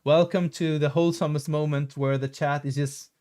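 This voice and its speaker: A man's voice: a little high, little pitch movement, moderate pace, warm tone. A young man streaming live, chatting casually and earnestly, rambling a little as he thanks viewers one by one.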